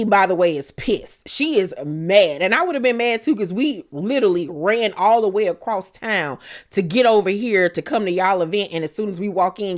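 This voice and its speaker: A woman, hosting a casual reality TV recap and gossiping animatedly as she acts out the cast's lines. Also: mid-range voice.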